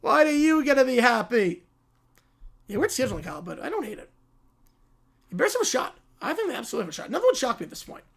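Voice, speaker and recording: A man's voice: extremely high pitch, wildly swooping pitch, racing, gravelly, husky. A man hosting a live sports reaction stream, casually reading and answering viewer messages. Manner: offhand, reads viewer messages and answers them. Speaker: livestream host.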